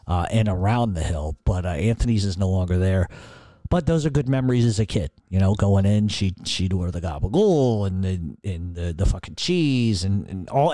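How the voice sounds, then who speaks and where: A man's voice: lowish voice, mellow, no echo. A man from Providence hosting a podcast in a casual monologue, profane and rambling, often restarting his sentences. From Providence, Rhode Island. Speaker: podcast host.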